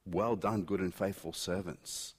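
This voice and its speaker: A middle-aged man preaching a sermon, swinging between loud emphatic peaks and quiet intensity. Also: low voice, fairly even intonation, measured pace, husky. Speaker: pastor. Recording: long hall reverb.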